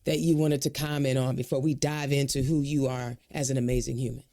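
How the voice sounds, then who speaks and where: A woman from Indiana hosting a casual political livestream, talking in an energetic, folksy way. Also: a bass voice, a little fast. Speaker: host.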